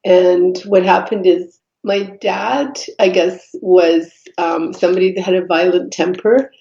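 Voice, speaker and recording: A woman, a podcast guest telling her life story in an earnest, reflective way, pausing often with fillers. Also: lowish voice, steady tone, creaky, dark tone. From Canada. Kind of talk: personal storytelling in conversation. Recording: dull echoey room recording.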